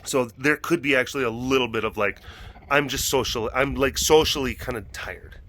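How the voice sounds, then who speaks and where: A man hosting a casual vlog at a wild animal facility, talking in an animated way, laughing often and restarting his sentences. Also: medium pitch, moderate pace, a little hiss or hum.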